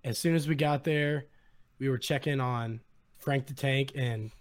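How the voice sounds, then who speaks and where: A young man hosting a podcast, excitedly retelling a story in casual chat. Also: medium pitch, measured pace. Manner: excited, animated retelling with quoted voices. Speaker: podcast host.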